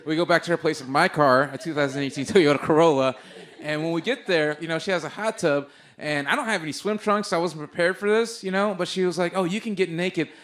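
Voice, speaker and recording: A young male comedian from the Bay Area works a live crowd, his voice sitting high and light for a man. He tells his story in an animated rush, swearing freely and breaking into loud outbursts, close on a handheld stage mic. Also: fast. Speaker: stand-up comedian. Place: stage before a live audience.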